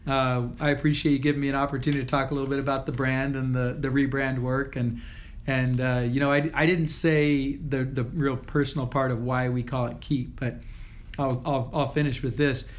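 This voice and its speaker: On dull, lo-fi audio with slight background noise, a male podcast guest who founded a company shares a personal story. His medium-pitched voice has little pitch movement, and his earnest telling halts with many restarts.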